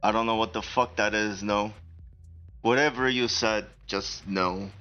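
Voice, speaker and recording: A man's voice: on the low side, fairly even intonation, pushed and bright. A man streaming and chatting casually with his viewers, talking in a hesitant way with many fillers. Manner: slow, hesitant, filler-heavy. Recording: dull lo-fi stream audio with faint music.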